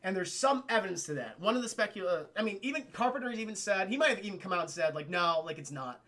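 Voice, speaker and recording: A man recapping a film for his stream chat in a casual, excitable and profane way, often speaking to the chat directly. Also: high-pitched, quick pace. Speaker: livestream film reviewer.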